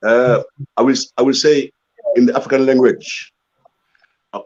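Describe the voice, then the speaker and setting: A man's voice: medium pitch, little pitch movement, darkish tone. Lo-fi man on a panel call. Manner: repeats words, explains slowly. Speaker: panel guest.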